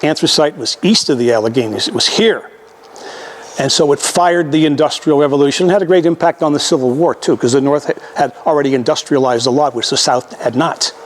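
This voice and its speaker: A man's voice: fairly high pitch, brisk, a little hiss or hum. An older man giving a folksy, conversational public history lecture to an audience, with many restarts and repetitions.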